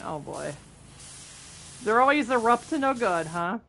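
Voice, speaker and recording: A woman's voice: mid-range voice, very animated, measured pace, a bit bright, a little hiss or hum. A woman game streamer chatting casually with her viewers as she plays, giggling often and teasing playfully. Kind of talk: casual chat while gaming.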